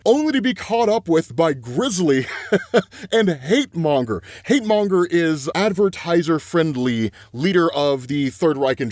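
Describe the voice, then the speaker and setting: An excitable man casually recapping a comic as host, packing his talk with "like" and "right?" and laughing as he goes. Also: a little high, no room sound, clean studio sound. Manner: excitable, filler-heavy, lots of "right?" and "like"; laughs often mid-sentence.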